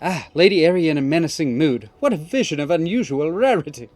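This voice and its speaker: A man's voice: fairly high pitch, animated, fast, a little mellow, no echo, faint music behind. A man voicing a theatrical young male ninja student who speaks in archaic, flowery phrases. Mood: grandiose. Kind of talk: reading game dialogue aloud.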